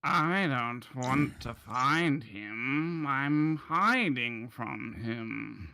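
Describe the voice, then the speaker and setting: A man's voice: mid-range voice, lively intonation, drawn-out words, gravelly, bright, forceful tone, clean tone, full character voice. A man voicing a frightened, evasive male gnome shopkeeper in a tabletop game over an online call. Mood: fearful.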